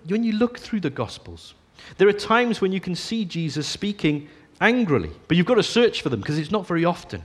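A man preaching a sermon, earnest, often dropping to a soft hush on key phrases. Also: high-pitched, very animated, a little fast, few pauses.

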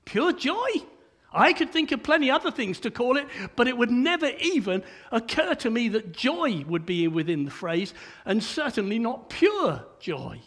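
A man's voice: very high voice, sing-song, normal speed, a bit bright. An older man preaching a sermon in a conversational way, often stumbling and restarting his words.

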